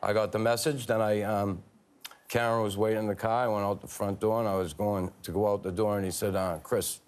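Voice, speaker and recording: Deep-voiced man telling stories. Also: flat delivery, darkish tone, clear, resonant tone. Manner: halting, many fillers and restarts. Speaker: guest, former hockey player. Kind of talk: candid interview storytelling. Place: TV studio.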